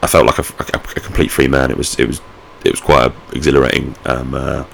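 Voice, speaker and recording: A man with an extremely deep, gravelly voice, telling a story in a loose, rambling way. His talk is casual and full of swearing, and he pokes fun at himself. A faint hiss of noise sits behind him as he vlogs from home. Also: steady tone, quick pace. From United Kingdom. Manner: sweary, rambling, self-mocking. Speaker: vlogger. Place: at home, indoors.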